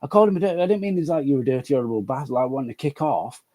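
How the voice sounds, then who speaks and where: A man's voice: medium pitch, animated, very fast, mellow. A man, a guest on a casual live chat, rambling, apologetic and sweary. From Manchester area. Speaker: guest caller.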